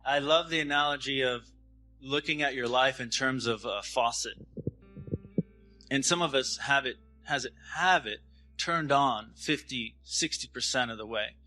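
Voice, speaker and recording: A man in his thirties giving a spiritual talk in a gentle, halting way, often restarting his sentences. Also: medium pitch, faint music behind, rough recording. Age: 30s. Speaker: spiritual speaker.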